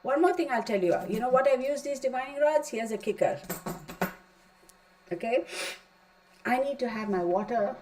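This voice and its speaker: A woman's voice: high-pitched, animated, brisk, dark tone, poor audio. A middle-aged woman teaching a tarot class in a casual, rambling way, with emphatic asides.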